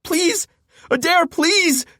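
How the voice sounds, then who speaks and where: A man's voice: very high-pitched, extremely slow, sharp tone, dry recording, studio quality, pitched above the performer's own voice, heavily acted. A male narrator voicing a terrified young man who pleads desperately, his voice cracking upward. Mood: pleading.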